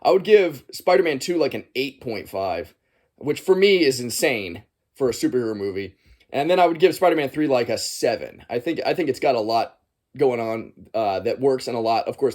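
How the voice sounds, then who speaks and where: A man's voice: medium pitch, darkish tone. Rambling, chuckling male movie reviewer. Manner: rambling, meandering, chuckling often. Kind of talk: casual movie commentary.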